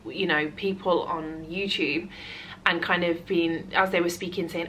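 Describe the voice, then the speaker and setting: A British woman vlogs at home, chatting casually to camera in a rambling way full of fillers and often sounding out of breath. Her voice is lowish and fairly bright, she speaks at a moderate pace, and there's a little hiss or hum.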